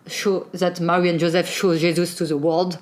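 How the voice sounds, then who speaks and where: A woman's voice: lowish voice, flat delivery, normal speed. A French woman with a French accent co-hosting a podcast, asking questions hesitantly and searching for English words. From France. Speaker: podcast co-host. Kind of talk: casual podcast chat.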